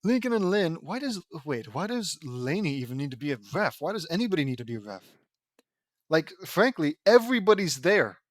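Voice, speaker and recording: A man's voice: a little high, very animated, fairly quick, dry recording. Sarcastic man mocking a story. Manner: sarcastic, mocking, easily exasperated. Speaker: reader of fan fiction. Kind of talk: audiobook reading with sarcastic commentary.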